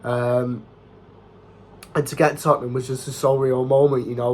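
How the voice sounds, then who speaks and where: Flat-voiced young football vlogger. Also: male voice, medium pitch, normal speed, pauses often. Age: young adult. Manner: chatty, rambling, leans on fillers like "you know" and "obviously". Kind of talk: casual talking-head vlog.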